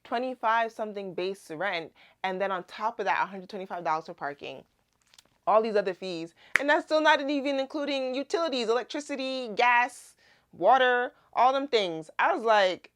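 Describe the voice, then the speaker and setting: A young woman, a Christian vlogger, chattily and animatedly retells her personal testimony, using "like" over and over. Her voice sits on the high side at a normal speed.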